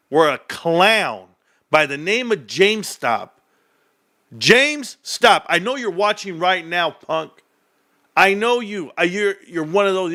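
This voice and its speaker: A man streaming a casual rant about stocks, trash-talking with bursts of laughter and mock voices. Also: sharp tone. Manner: brash trash-talking, swings between hyped and low muttering.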